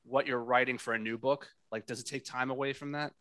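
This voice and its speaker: Casting note: male co-host, mid pitch, dry close sound, relaxed curious questions. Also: fairly quick, clean tone, no echo. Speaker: podcast co-host. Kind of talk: casual chat.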